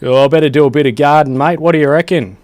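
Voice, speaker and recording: A man's voice: sits high, clean tone, no room sound, pitched above the performer's own voice, lightly acted. A man putting on a boisterous, slang-heavy caricature of a jolly Australian bloke. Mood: jovial. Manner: boisterous, slangy, drawn-out exclamations. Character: loud over-the-top Aussie bloke, jovial adult man.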